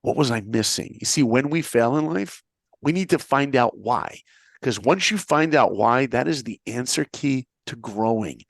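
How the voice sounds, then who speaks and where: Animated man telling a motivational story. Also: mid-range voice, moderate pace, creaky, dry recording. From New York. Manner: animated, acts out the dialogue he recounts. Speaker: guest telling his story.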